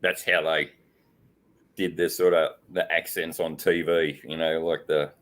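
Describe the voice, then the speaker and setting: A man's voice: extremely low pitch, flat delivery, a little slow, fairly bright tone. An Australian man hosting a casual live-stream chat, rambling with lots of fillers and frequent laughs. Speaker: host.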